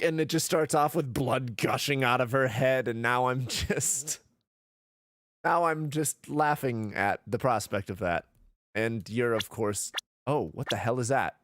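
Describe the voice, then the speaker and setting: Joking man streaming a game. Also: medium pitch. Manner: joking, laughing, self-mocking. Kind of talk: game playthrough commentary. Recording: loud game music behind.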